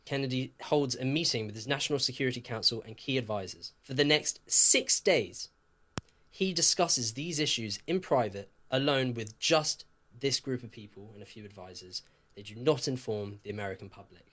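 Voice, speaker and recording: A man's voice: medium pitch, normal speed. Man telling history like a story. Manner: lively, jokey, swears, laughs often. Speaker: podcast co-host.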